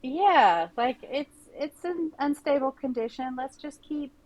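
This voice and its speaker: A woman's voice: high-pitched, measured pace, a little mellow, no room sound, highs cut off. Chatty woman cohost, middle-aged, says like a lot, easygoing. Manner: chatty, lots of "like" and "you know". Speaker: podcast co-host. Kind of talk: casual podcast chat.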